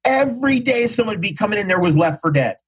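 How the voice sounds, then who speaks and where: A man's voice: high-pitched, expressive, fast, husky, low-quality recording. A man speaking as a podcast guest in casual interview talk, emphatic and repeating phrases for stress.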